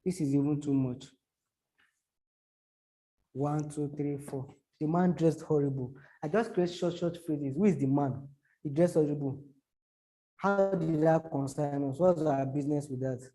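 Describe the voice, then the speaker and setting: A man's voice: a little high, mellow. A man teaching how to write social media captions, repeating himself and breaking off into spoken examples. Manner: repetitive, halting, gives spoken examples. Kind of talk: explaining to a small audience.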